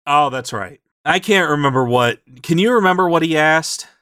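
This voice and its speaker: A man co-hosting a podcast, casually recapping a tabletop game session and acting out the characters' lines in quick, animated asides. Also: fairly high pitch, smooth, dry recording, studio quality. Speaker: podcast co-host.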